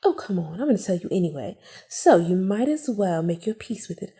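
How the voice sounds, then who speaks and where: A woman's voice: medium pitch, sing-song, a little fast, warm tone. A woman reading aloud a scheming, vengeful young woman from a cafe game, in a theatrical, gleeful manner.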